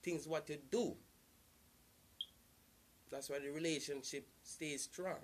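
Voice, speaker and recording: Man, casual advice vlogger, loose and repetitive, pitch a touch high. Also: steady tone, takes it slowly. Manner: repetitive, loose and earnest, circling back to the same points. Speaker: vlogger giving relationship advice.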